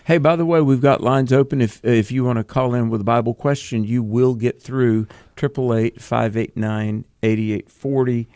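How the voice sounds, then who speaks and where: A man co-hosting a Bible call-in radio show, talking earnestly and quickly with plenty of fillers. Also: medium pitch, steady tone, darkish tone, clear, resonant tone, no echo, studio quality.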